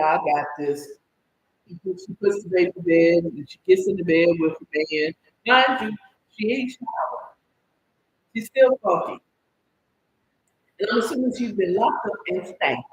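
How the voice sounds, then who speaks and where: A middle-aged man recapping a story in a casual, animated and dramatic way, his voice at times breaking into cries and shouts. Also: high-pitched. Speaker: storyteller host. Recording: echoey room with faint background noise.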